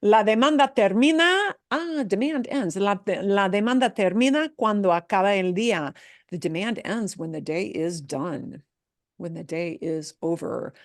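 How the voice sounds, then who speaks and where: A woman's voice: medium pitch, normal speed, no echo. A woman leads a Spanish lesson and explains pronunciation patiently, moving back and forth between Spanish and English. Her voice is close and dry, with no room sound. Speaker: Spanish teacher. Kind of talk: online language class.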